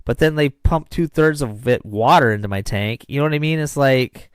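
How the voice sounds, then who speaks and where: A man's voice: mid-range voice, normal speed, clean tone, dry recording, studio quality. A man co-hosting a podcast in casual chat, ranting with strong opinions. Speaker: podcast co-host.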